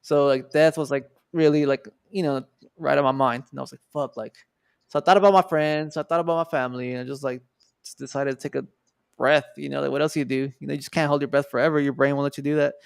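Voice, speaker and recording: Gravelly yet clean in tone, this mid-range male voice moves fast with fairly even intonation, recorded at studio quality with no echo. He's a guest artist from Texas, USA, in his twenties, recounting a personal story loosely and profanely with many fillers.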